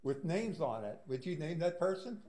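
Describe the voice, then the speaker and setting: A man's voice: a little high, big pitch swings, crowd noise. Insistent man arguing at a meeting. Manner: insistent, halting with fillers. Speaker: resident speaking at a public meeting. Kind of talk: heated public comment.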